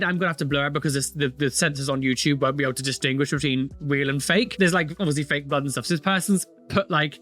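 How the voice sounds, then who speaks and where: A man's voice: on the high side, fairly bright tone. A man hosting a reaction video, commenting on clips with sarcastic, exclaiming remarks.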